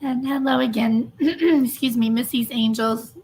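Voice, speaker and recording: A woman hosting a true crime livestream, chatty and a bit hurried, sounding emotionally drained as she greets viewers by name. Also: a little high, fairly even intonation, a little mellow. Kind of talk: casual livestream chat.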